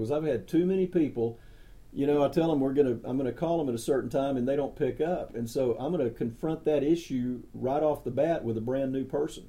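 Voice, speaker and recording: This middle-aged man speaks in a very dark, mellow tone at an everyday pitch. He gives a motivational sales talk, direct and enthusiastic, and he hammers his main points by saying them twice. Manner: direct, enthusiastic, repeats key phrases. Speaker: network marketing leader.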